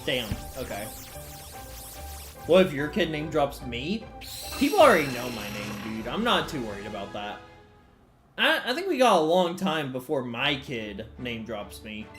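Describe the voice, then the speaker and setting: Over background music, a man talks casually to his live-stream viewers from a small room where he's alone. His voice is medium-pitched and moderately paced, and he's animated, swearing loosely, addressing chat, and hopping from topic to topic.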